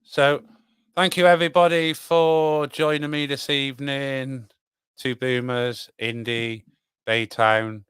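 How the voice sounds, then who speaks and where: A man's voice: medium pitch, a bit bright, clear, resonant tone, no echo. A man with a British accent hosting a laid-back livestream, chatting and thanking his viewers one by one. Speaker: livestream host. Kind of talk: casual livestream chat.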